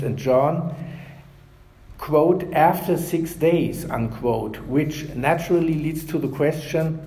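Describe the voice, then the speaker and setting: A male pastor preaching a measured sermon. His voice drops softly at the ends of phrases. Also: fairly high pitch, echoey room, low-quality recording.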